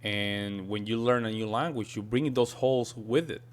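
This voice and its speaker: A man's voice: on the low side, moderate pace. A man whose first language is Spanish, chatting casually as he reacts to a video and often says "man". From Spanish-speaking country. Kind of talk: casual commentary.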